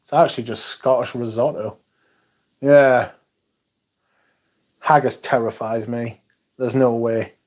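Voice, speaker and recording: A man's voice: medium pitch, fairly even intonation, slow, long pauses, a little mellow. A man hosting a livestream, chatting casually, swearing now and then, and reading out viewer comments. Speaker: livestream host.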